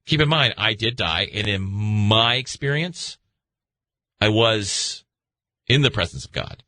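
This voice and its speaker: A male talk radio host who rambles through a late-night monologue. His voice is very bright and swings widely in pitch. The sound is dry and close. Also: unhurried, dry recording. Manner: animated, rambling, acts out voices in high pitch.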